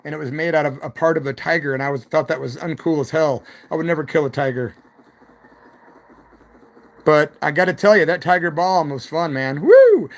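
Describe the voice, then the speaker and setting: A man's voice: on the high side, steady tone, fairly quick. A middle-aged man, a rock musician, rambling through stories on his evening live stream with loose slang and the odd hoot.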